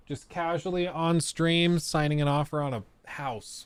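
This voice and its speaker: A man's voice: on the high side, steady tone, a little slow, clean tone, dry recording. A young man hosting a casual live stream, chatting with his viewers and laughing often. He breaks down technical details as he reacts. His voice is recorded close and dry, with no room sound.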